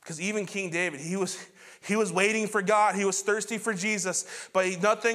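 A man's voice: high voice, steady tone, fairly quick, sharp tone. A man preaching a sermon as pastor, earnest and building to fervent emphasis.

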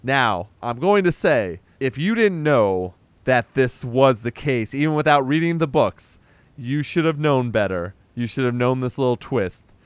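A man's voice: medium pitch, clean tone, no room sound. A man casually retelling a movie's plot on a podcast, acting out the characters' lines and laughing along. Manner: rambling retelling with acted-out quotes and laughs. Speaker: podcast co-host recapping a movie. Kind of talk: casual chat.

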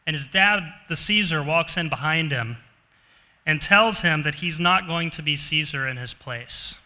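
A man's voice: a little high, animated, unhurried, bright, forceful tone. A man preaching a sermon in a conversational way, asking his congregation questions. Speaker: pastor. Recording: reverberant hall.

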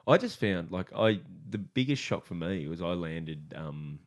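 A man's voice: low voice, animated, unhurried. An Australian man from the countryside hosting a podcast, telling chatty anecdotes and laughing often. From rural Australia. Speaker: podcast host. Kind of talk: casual chat.

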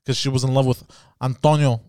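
A man hosts a casual podcast, spinning crude, rambling stories. His voice sits at a middle pitch. The sound is dry and close to the mic. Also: little pitch movement, brisk, a little mellow, dry recording. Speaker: podcast host.

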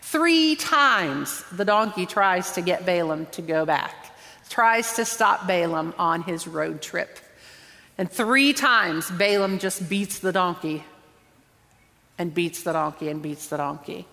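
A woman's voice: on the low side, animated, slow, sharp tone. A woman preacher delivering a conversational, earnest sermon, drawing out words for emphasis. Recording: long hall reverb.

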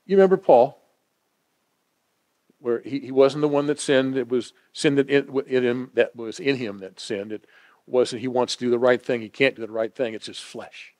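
A man preaching a sermon, swinging from emphatic declarations to hushed, intimate asides. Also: medium pitch, normal speed.

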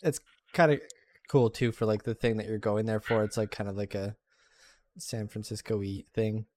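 A young man hosting a casual chat among friends, rambling with halting restarts. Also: lowish voice, fairly even intonation, darkish tone, slight background noise.

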